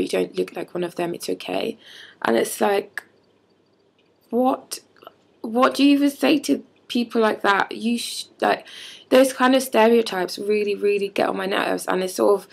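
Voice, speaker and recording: Gravelly, husky young woman. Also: mid-range voice. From London. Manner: heated, frequent "like" fillers. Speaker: vlogger. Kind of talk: casual vlog rant.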